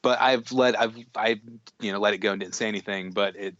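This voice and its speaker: Brief: male podcast co-host, low voice, stop-start delivery, dry and dull-sounding recording. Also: fairly even intonation, a little fast, a bit bright, no echo. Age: adult. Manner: hesitant, many restarts and fillers. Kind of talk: casual chat.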